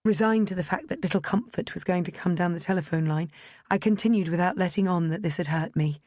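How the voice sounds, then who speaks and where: A woman narrating a first-person audiobook in a measured, gently expressive storytelling manner, recorded on a close studio mic. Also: fairly low pitch, no echo.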